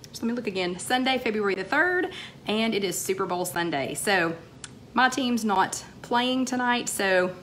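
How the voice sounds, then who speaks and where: A woman, a little hoarse, hosting a casual live-stream chat and greeting viewers by name. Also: mid-range voice, lively intonation, moderate pace, fairly bright tone, slight background noise. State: slightly hoarse. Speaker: livestream host. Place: home, TV playing in the background.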